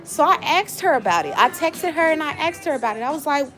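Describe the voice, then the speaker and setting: A woman's voice: high-pitched, sing-song, quick pace, a bit bright, low-quality recording. A woman vlogger venting emotionally to her viewers in a hurt, rambling way. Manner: hurt, rambling, frequent fillers.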